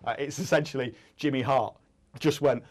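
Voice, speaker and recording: A man's voice: mid-range voice, steady tone, moderate pace. Jokey, rambling male studio host. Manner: jokey, rambling, laughs at own lines. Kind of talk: casual studio chat.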